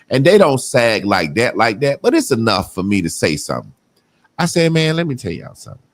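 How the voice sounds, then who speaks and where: A man's voice: fairly low pitch, dry recording. A middle-aged man talking casually on a podcast, swearing freely and acting out the people he quotes. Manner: animated, profane storytelling with mocking quoted voices. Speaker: podcast co-host.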